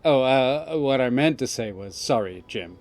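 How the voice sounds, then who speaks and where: A man's voice: mid-range voice, animated, measured pace, a little mellow. A man voicing a touchy, bratty teenage boy gang boss who talks in a whiny, defensive way. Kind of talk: reading game dialogue aloud.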